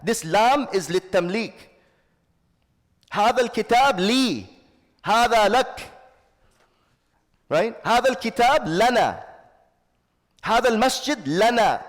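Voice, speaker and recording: A man with a high voice preaches a sermon, reciting Arabic and then translating it line by line. He often calls his listeners brothers and sisters. His voice rings with the long reverb of a big hall. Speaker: Islamic teacher.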